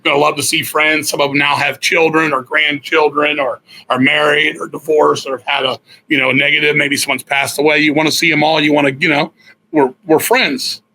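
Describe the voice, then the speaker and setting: A middle-aged man, a guest musician, telling stories in a blunt, profane, animated way. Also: a little high, fairly quick, poor audio. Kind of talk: casual storytelling interview.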